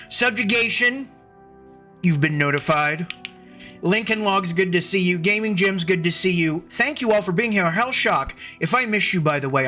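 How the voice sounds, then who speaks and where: A man with a fairly high, bright voice hosts a casual live stream from his home computer. He rambles, restarts sentences and greets viewers by name. Faint music plays behind him.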